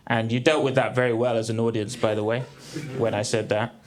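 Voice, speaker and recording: A man in his thirties doing a stand-up comedy set on a theatre stage, with a dry, deadpan delivery. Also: mid-range voice, fairly quick. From England. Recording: live theatre with crowd laughter. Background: audience laughter.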